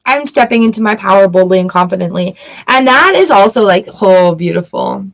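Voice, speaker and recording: A woman's voice: mid-range voice, lively intonation, a little fast, gravelly. A woman from Canada giving a live-streamed tarot reading, chatty and affirming, greeting viewers by name as she talks. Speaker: tarot reader.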